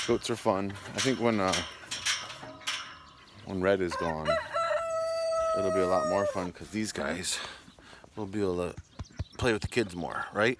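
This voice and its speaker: A man's voice: low voice, measured pace, long pauses. A man in his thirties vlogging casually outdoors, chatting with his animals, his viewers and friends. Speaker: homesteading vlogger. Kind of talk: casual vlog chat. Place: outdoors at a farm gathering. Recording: outdoor noise in the background.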